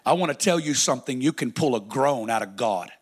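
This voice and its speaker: A man preaching a sermon, dramatic, swinging between loud declarations and hushed, drawn-out lines. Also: medium pitch, expressive, breathy edge.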